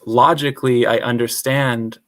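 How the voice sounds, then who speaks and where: A man's voice: mid-range voice, steady tone, a little slow, fairly bright tone. A man speaking as a podcast guest, rambling openly about his feelings, full of "like" and casual swearing. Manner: rambling, heavy use of "like", frank and swears casually. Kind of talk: casual conversational podcast chat.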